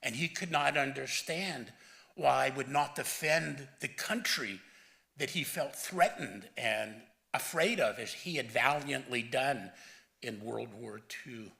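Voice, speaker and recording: Man in his seventies, eulogy for his father, crisp bright tone, voice breaks with emotion. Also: mid-range voice, slow. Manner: emotional, voice rising and breaking near tears. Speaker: son giving a eulogy. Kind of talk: funeral eulogy.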